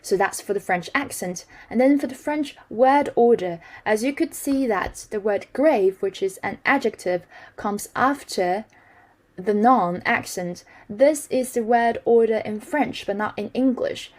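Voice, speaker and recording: A woman's voice: a little high, measured pace, darkish tone, rough recording. A woman hosting a language lesson, explaining an article in an explanatory way and slipping into French with ease. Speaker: host explaining news articles.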